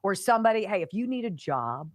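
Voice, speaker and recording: Animated, sarcastic female radio host. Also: medium pitch, quick pace, no room sound, clean studio sound. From Pittsburgh area. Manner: animated, sarcastic, mocking asides. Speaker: radio talk show host. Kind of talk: opinionated talk radio monologue.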